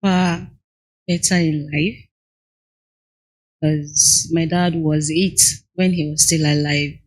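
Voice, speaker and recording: A woman's voice: deep voice, steady tone, slow pace, darkish tone. A young adult woman with a Nigerian accent, talking candidly as an interview guest about her business. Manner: candid and earnest, acts out clients' lines. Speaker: guest entrepreneur. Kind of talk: conversational interview.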